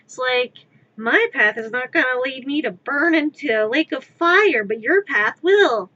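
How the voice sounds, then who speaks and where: A woman's voice: high voice, lively intonation, measured pace, highs cut off. A woman streamer chatting casually while she crafts, rambling, wry and blunt, swearing now and then. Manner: rambling, wry, swears freely, swings to loud exclamations.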